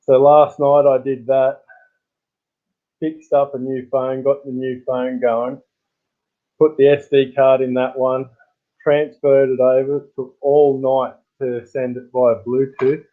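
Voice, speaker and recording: A man's voice: level tone, slow pace. Rambling Australian man on a tinny stream. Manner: rambling, greets chat viewers with sudden high-pitched bursts. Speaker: live stream host. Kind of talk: casual live-stream chat. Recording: tinny phone-like sound.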